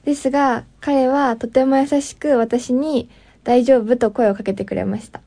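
Quick, high-voiced young woman, native Japanese speaker. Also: fairly even intonation, gravelly, mellow. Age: 20s. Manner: hesitant, with fillers. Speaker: storyteller guest. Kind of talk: personal story.

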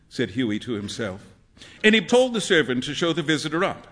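Lively, bright-voiced male storyteller. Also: fairly high pitch, brisk, long reverb tail. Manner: expressive, lively. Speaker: narrator. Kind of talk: storybook reading.

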